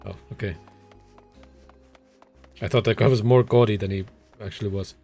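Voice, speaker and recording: A man's voice: lowish voice, steady tone, moderate pace, a little mellow, faint music behind. A man casually commenting while streaming a game, wry and profane, muttering asides.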